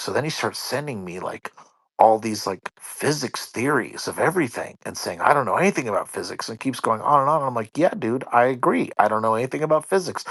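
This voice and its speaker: A man in a casual online voice chat, telling a long story in an animated, profane way. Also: lowish voice, dry recording.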